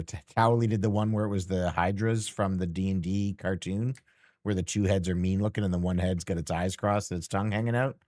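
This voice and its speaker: A man's voice: deep voice, fairly even intonation, fairly quick, a little mellow, no room sound, clean studio sound. A man streamer chatting casually and teasingly with his chat while playing a game, rambling and joking.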